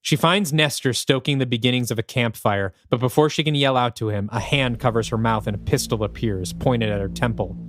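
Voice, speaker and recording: A man co-hosting a podcast, narrating a story pitch in an animated, thinking-aloud way. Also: brisk, hardly any pauses, no echo. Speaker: podcast co-host.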